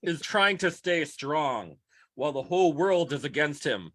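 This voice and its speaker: A man co-hosting a podcast in casual comedic chat, wry, haltingly reading out news stories. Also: on the high side, lively intonation, a bit bright, no echo. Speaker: podcast co-host.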